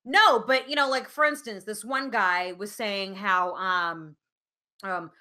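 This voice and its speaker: A woman co-hosting a podcast in casual chat, animated, with lots of fillers and swearing. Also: mid-range voice, takes it slowly. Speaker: podcast co-host.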